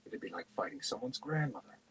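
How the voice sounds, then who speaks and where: A man's voice: mid-range voice, quick pace, a bit bright, slight background noise, lightly acted, rough recording. A man doing a worried knight, whispered role-play. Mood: uneasy.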